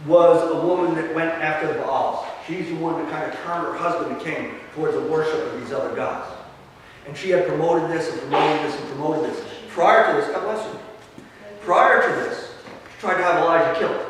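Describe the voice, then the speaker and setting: A man preaching a sermon as a pastor, telling the story with animated swings between quiet asides and loud emphasis. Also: on the high side, brisk, a little hiss or hum. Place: church sanctuary. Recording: echoey church hall from far off.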